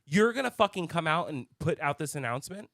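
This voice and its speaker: A man's voice: fairly high pitch, sing-song, quick pace, fairly bright tone, no echo, studio quality. A man co-hosting a podcast in casual chat, telling a story with heated anger and frequent swearing. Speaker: podcast co-host.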